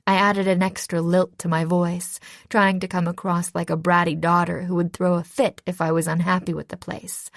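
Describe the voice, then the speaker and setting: A woman's voice: fairly low pitch, fairly even intonation, moderate pace, dry recording. Woman reading an audiobook, dry sound. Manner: gives characters slightly raised voices. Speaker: audiobook narrator. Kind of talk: first-person audiobook narration.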